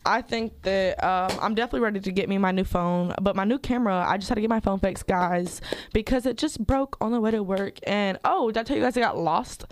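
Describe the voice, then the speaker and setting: A woman's voice: medium pitch, fairly quick, hardly any pauses, slight background noise. A young woman hosting a casual podcast, telling stories in a playful, sassy way. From United States. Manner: playful, sassy, animated storytelling. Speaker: podcast host. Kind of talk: casual chat among friends.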